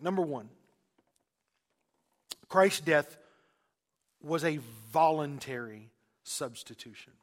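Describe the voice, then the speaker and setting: A man's voice: on the high side, a bit bright. A man preaching a sermon as pastor, emphatic, repeating phrases and restarting mid-sentence.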